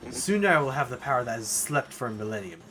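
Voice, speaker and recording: A man's voice: medium pitch, animated, fast, voice pushed down, close to an everyday voice. A man voicing a pompous, narcissistic villain leader with a grandiose, menacing delivery during a game playthrough. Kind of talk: let's play voice acting.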